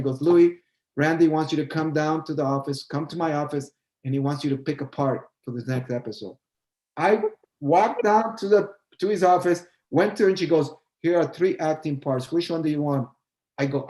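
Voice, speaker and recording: Older man, guest storyteller, fairly high voice, animated, plays out dialogue, roomy echo. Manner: animated, acts out both sides of remembered dialogue. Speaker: guest, choreographer and dancer. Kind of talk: storytelling in a casual chat.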